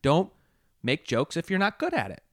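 A man in casual podcast chat, talking in an animated, mocking way and swearing often. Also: a little high, normal speed, no room sound, studio quality. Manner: animated, profane, mocking impressions. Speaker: podcast co-host.

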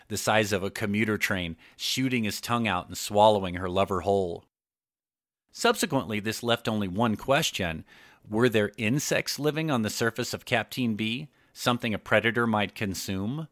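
A man narrating an audiobook in a steady, measured way. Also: on the low side, no room sound. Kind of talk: scripted narration.

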